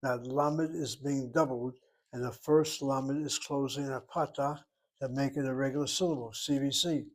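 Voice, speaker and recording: An older man teaching a Hebrew class, patiently explaining and slowly spelling out words. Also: mid-range voice, steady tone. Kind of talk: classroom lesson.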